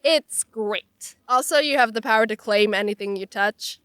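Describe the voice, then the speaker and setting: A woman's voice: on the high side, fairly bright tone, smooth, no echo, clean studio sound. Sniffly nasal young woman vlogging. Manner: sarcastic, self-mocking, quick jokes. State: congested nasal voice from a cold. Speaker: animation vlogger. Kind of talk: casual comedic vlog narration.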